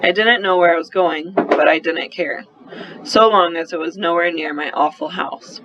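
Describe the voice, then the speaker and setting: A man narrating a first-person children's story in an expressive, brisk storytelling manner, on a slightly muffled recording. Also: fairly high pitch, noisy background. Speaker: audiobook narrator.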